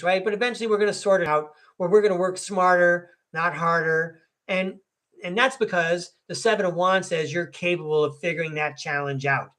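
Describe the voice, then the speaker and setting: A man's voice: high-pitched, sharp tone. An American man hosting a podcast, reading tarot cards live in a chatty, rambling, folksy way that is often broken by laughter. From United States. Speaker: podcast host and tarot reader.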